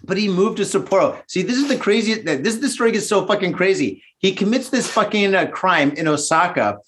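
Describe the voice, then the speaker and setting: A man's voice: sits high, animated, fairly quick, fairly bright tone, a little hiss or hum. A man co-hosting a podcast, a bit tipsy, in a profane, rambling, joking casual chat. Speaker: podcast co-host.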